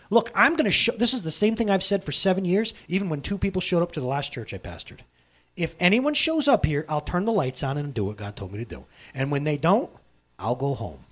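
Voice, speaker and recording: Animated pastor with lively pitch. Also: male voice. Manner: conversational, candid and animated, with sudden loud bursts. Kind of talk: sermon. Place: church hall.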